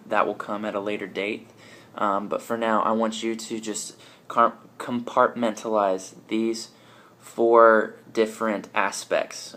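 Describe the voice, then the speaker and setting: A man's voice: fairly low pitch, a bit bright. A young man, a fitness trainer, talking straight to camera in a chatty, upbeat way with plenty of ums and restarts. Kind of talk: casual talking-to-camera vlog.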